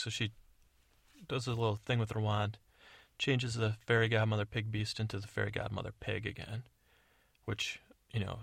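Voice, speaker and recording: A man rambles through a bedtime story in a low-key, digressive way, hosting a sleep podcast. His voice has a gravelly, creaky texture. The recording is dry and close. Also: level tone, normal speed, no echo.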